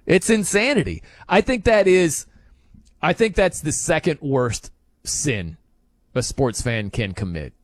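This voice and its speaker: A man hosting a sports talk show, ranting in an animated, incredulous way with frequent laughs. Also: on the high side, no room sound, studio quality.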